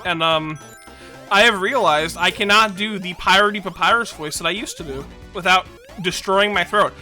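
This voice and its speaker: A woman's voice: lowish voice, normal speed, bright, forceful tone. A woman streaming a video game, chatting casually and rambling, self-deprecating and laughing often. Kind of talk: casual gaming stream chat. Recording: game music behind.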